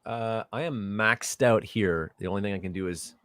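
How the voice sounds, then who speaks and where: A middle-aged man with a low voice talks through a home microphone on a video call, and the sound is close and dry. He tells stories in a rambling way, mocks himself and turns lively when he reaches a punchline. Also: moderate pace, no echo. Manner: rambling, self-deprecating, animated storytelling. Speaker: guest, theatre artistic director. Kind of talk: casual interview over video call. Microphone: home USB microphone on video call.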